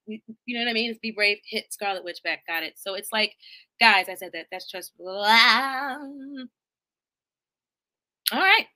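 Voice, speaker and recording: A woman live streamer chatting casually about a movie, rambling and animated, with swearing and laughing asides. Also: medium pitch, moderate pace. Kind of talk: casual movie recap chat.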